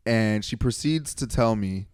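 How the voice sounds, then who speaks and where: A man's voice: fairly low pitch, measured pace, smooth, dry recording, clean studio sound. A young man in his twenties co-hosting a comedy podcast, telling a rambling story that he keeps correcting. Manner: rambling, self-correcting, animated when quoting friends. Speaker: podcast co-host.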